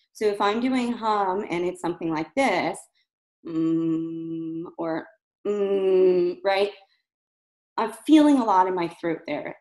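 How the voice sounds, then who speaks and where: A woman voice therapist giving a calm, patient exercise lesson, demonstrating soft hums and chanted syllables. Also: medium pitch. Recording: roomy echo.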